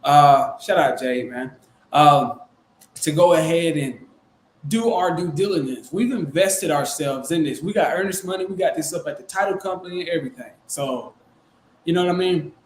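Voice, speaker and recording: A man casually recounting a business deal and acting out the quotes in an animated way. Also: normal speed. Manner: animated, acts out quotes in a high excited voice. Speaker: real estate wholesaler. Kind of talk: casual storytelling chat. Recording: echoey room with faint noise.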